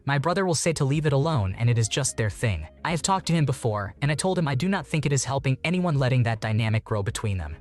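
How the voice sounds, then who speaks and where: Steady male story narrator over music. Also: medium pitch. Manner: even, steady reading with short commentary. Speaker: narrator reading online stories. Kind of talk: scripted narration. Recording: music bed behind the voice.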